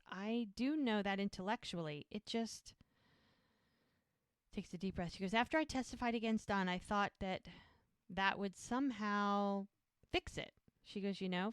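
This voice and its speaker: A woman with a medium-pitched voice co-hosts a podcast, casually recapping TV scenes and acting out the characters' lines. The recording is dry and studio quality.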